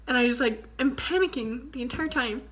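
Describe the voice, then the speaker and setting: A young woman vlogger chats to the camera, animatedly retelling a story and sprinkling in "like" constantly. Her voice is on the high side and a little fast.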